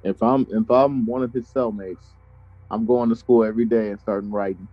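A man's voice: on the low side, steady tone, brisk, no echo, faint music behind. A man co-hosting a podcast, chipping in with short reactions and wry jokes. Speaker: podcast co-host. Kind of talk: casual chat, reactions and quips. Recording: dull lo-fi audio.

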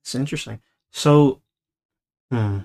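A young man hosting a podcast in an easygoing, mid-pitched voice. He talks casually, swears a lot and encourages his guest. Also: measured pace, creaky, darkish tone. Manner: laid-back, swearing, encouraging. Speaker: podcast host.

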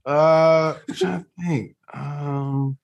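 A man's voice: a little high, steady tone, extremely slow, vocal fry, dull audio. A man being interviewed as an actor, chatting casually and rambling with many restarts and fillers.

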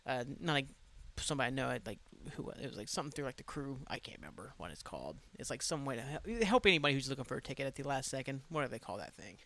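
A man hosting his own podcast from home, chatting casually in a rambling, excitable way, swearing freely and sounding tired. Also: medium pitch, racing. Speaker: podcast host. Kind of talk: casual solo podcast chat.

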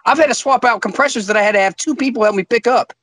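A man's voice: very high-pitched, racing, fairly bright tone, dry recording. A man co-hosting a podcast, explaining car repairs in a matter-of-fact, profane way during casual chat. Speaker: podcast co-host.

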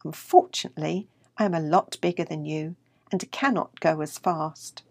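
A woman voicing a gentle, timid young male house cat in a read-aloud storybook. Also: low-pitched, normal speed, gravelly, slightly rough, no room sound, clean studio sound, full character voice.

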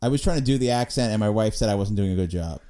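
A man's voice: lowish voice, rapid-fire, over a noisy crowd. A man co-hosting a casual podcast, rambling and trailing off mid-sentence. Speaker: podcast co-host.

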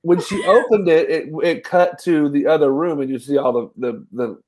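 Guy cohosting a movie podcast, slightly high voice, easygoing, trips over words. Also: moderate pace, darkish tone. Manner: easygoing, stammers, quotes his own reactions. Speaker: podcast co-host. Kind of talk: casual movie review chat.

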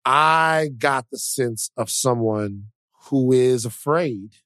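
Man, podcast co-host, middle-pitched voice, dry sound, emphatic drawn-out delivery. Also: fairly bright tone, no echo. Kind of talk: casual political chat.

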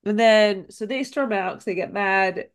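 A woman's voice: mid-range voice, a little slow. A woman co-hosting a podcast, recapping a film scene by scene in casual, profane chat. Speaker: podcast co-host.

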